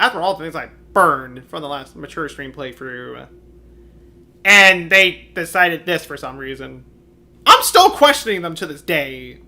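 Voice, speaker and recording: Animated male game streamer. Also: fairly high pitch. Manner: animated, joking. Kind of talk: let's-play commentary. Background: game music.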